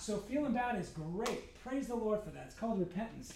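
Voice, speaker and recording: A man's voice: high-pitched, expressive, brisk, few pauses, a little hiss or hum. A man preaching a sermon at church in a loose, conversational and joking way, acting out voices as he goes. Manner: conversational, humorous, acts out voices in quotes. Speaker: pastor.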